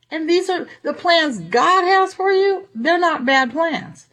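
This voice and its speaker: High-voiced woman preacher, conversational. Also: measured pace, few pauses. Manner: lively, conversational, laughs often. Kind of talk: sermon.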